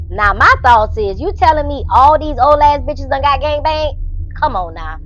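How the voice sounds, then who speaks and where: High-voiced woman recapping a book. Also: moderate pace, lo-fi sound. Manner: animated, profane, slangy storytelling. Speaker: book reviewer.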